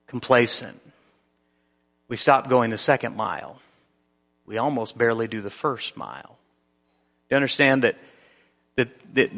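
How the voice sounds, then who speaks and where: A man preaching a sermon in a church, earnest, with slow emphatic phrases and frequent restarts. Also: mid-range voice, fairly bright tone. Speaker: pastor. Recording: long reverb of a large hall.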